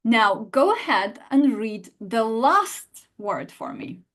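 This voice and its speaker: A woman with a fairly high voice and a slow pace teaches a live online language lesson. Lively and animated, she speaks directly to her viewers and responds to their chat replies.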